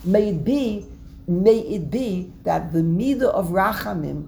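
Woman teaching a torah class, gravelly and kinda dark, repeats words a lot, lightly noisy room. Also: medium pitch, animated, a little slow. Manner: explanatory, repeats words, quotes verses with emphasis. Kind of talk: text study class.

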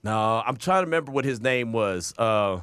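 Lively, bright-voiced male sports radio host. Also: mid-range voice, moderate pace, smooth, no room sound, studio quality. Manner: animated storyteller, shouts quoted voices. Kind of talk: casual sports talk radio chat.

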